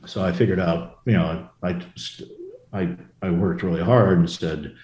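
Middle-aged male storyteller, very low mellow voice, roomy echo, rambling anecdotal delivery. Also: measured pace. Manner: rambling, self-correcting anecdotes with quoted voices. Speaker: former fighter pilot guest. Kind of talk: storytelling in a casual interview.

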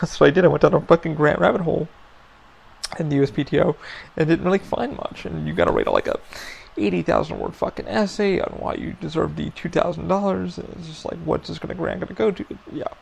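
A man hosting a solo podcast, venting his frustration in a gravelly voice full of fry and heavy swearing. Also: fairly high pitch, sing-song, a little fast, a little hiss or hum. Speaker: podcast host.

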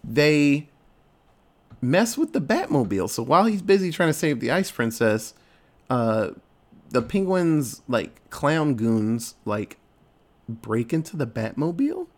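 A man's voice: medium pitch, sing-song, a little slow. A man in casual chat, rambling and swearing freely as he retells a film's plot and acts out the characters' lines. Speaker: podcast co-host recapping a movie.

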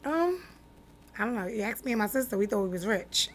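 A woman from Newark, a business founder telling her story as an interview guest in a direct, animated way. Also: mid-range voice, a little fast. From Newark, New Jersey. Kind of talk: casual interview.

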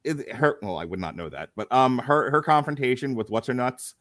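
A man's voice: mid-range voice, lively intonation, a little fast, a bit bright, dry recording, clean studio sound. A man hosting a casual film review podcast, rambling and teasing his co-hosts with jokes. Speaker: podcast host.

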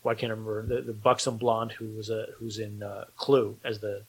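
Husky-voiced man chatting about movies. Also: fairly low pitch, little pitch movement, a little fast, low-quality recording. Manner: rambling, enthusiastic, many restarts. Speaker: podcast host and filmmaker. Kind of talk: casual chat.

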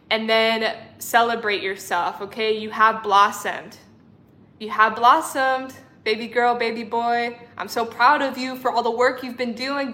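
A woman's voice: on the high side, fairly bright tone. A young woman spiritual coach in a casual livestream, effusive and affectionate, calling her viewers sister and honey. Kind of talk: livestream talk reading chat comments.

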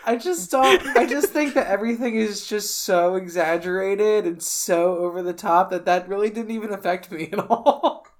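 A woman's voice: medium pitch, moderate pace, hardly any pauses. A young woman co-hosting a podcast, giving her frank take on a movie while searching for the right words. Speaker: podcast co-host. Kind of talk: casual movie discussion.

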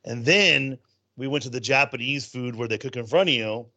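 With a medium-pitched voice that is pushed and bright at a moderate pace, a podcast co-host from California talks casually about theme park news. He is a rambling storyteller who says um a lot.

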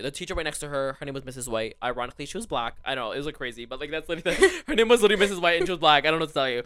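A young man from Palestine, co-hosting a podcast and telling stories in a rapid, animated way, full of "like.". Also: a little high, no room sound. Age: young adult. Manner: rapid, animated storyteller, lots of "like". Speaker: podcast co-host. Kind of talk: casual chat, storytelling.

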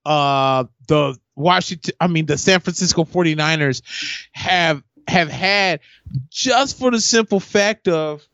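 A man's voice: a little high, a little slow, fairly bright tone, no echo, highs cut off. A man co-hosting a sports podcast, breaking down a matchup casually with many fillers and restarts. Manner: hesitant, filler-heavy analysis.

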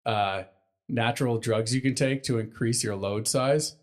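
A young man co-hosting a casual podcast, swearing freely and rambling as he recaps a cartoon episode, jumping into quick character voices. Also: mid-range voice. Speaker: podcast co-host.

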